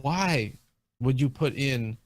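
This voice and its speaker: A man's voice: medium pitch, expressive, takes it slowly, dry recording. Rambling man, dry close sound. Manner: talkative, rambling with many fillers and restarts. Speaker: guest in a video game discussion. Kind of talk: casual chat.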